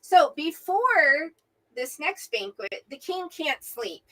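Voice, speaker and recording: Lively bright-voiced woman retelling a Bible story. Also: high-pitched, slow, low-quality recording. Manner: animated storyteller who keeps asking "right?". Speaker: co-host, mother of the other host. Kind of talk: casual Bible discussion. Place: at home, remote from her co-host.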